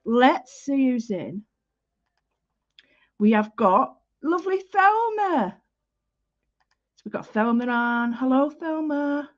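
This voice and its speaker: A woman's voice: high voice, sing-song, slow pace, pauses often, highs cut off. Chatty woman hosting a live art class. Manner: chatty, warm greetings, self-interrupting. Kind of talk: casual livestream art lesson.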